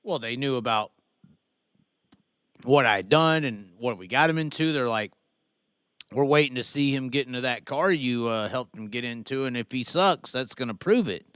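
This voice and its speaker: A man hosts a casual live-stream talk, his voice clear and smooth. He talks bluntly, swears often and stammers through restarts. The sound is close and dry. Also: medium pitch, normal speed, fairly bright tone, no room sound. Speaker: podcast host.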